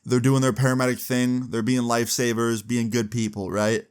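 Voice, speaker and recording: Animated young man telling a story. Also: medium pitch, moderate pace, smooth. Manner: animated, casual, swears freely. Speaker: vlogger. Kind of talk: storytime vlog.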